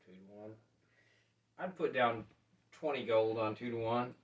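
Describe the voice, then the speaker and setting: A man playing in a tabletop game, speaking in a low-key, matter-of-fact way. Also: measured pace. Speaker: player. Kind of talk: casual chat at the game table. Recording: dull distant mic with faint noise.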